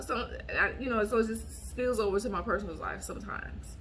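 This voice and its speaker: With a slightly high voice, a brisk pace and few pauses, a woman shares a dating story on her vlog, talking bluntly and animatedly to viewers. She frequently acts out her words in a raised voice. Slight background noise is audible.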